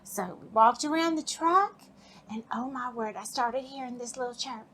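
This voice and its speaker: A woman's voice: fairly high pitch, normal speed, fairly bright tone, slight background noise. A woman playing a gushing, melodramatic visiting sister in a comedy sketch banter. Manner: gushing and melodramatic, breaks into fake sobs.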